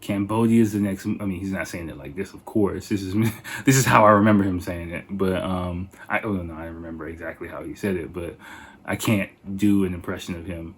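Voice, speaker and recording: A man's voice: low voice, fairly quick, husky. A man hosting a podcast, telling a rambling story in a casual, profane, laid-back way. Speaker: podcast host.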